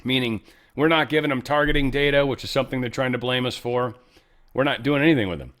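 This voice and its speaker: A man's voice: medium pitch, fast, a bit bright. A man hosting a show, giving casual political commentary in a blunt, rambling way with frequent profanity. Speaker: show host.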